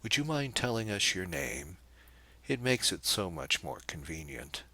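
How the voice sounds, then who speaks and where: A man reading the part of a poised young woman who speaks lightly, with a gentle mocking edge. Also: fairly low pitch, very animated, measured pace, no room sound, exaggerated voice. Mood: cool, mocking.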